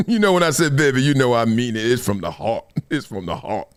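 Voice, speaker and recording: Animated, lively male sports talk host. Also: medium pitch, fast, gravelly. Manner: animated storytelling, acts out quoted voices; laughs often between remarks. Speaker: show host. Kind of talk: live sports talk show.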